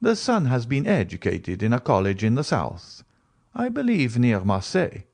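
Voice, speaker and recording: A man voicing a composed, worldly nobleman who speaks in a smooth, measured, knowing way, in an audiobook reading. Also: mid-range voice, wildly swooping pitch, a little mellow, voice pushed up, heavily acted. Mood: assured. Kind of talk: audiobook character voice.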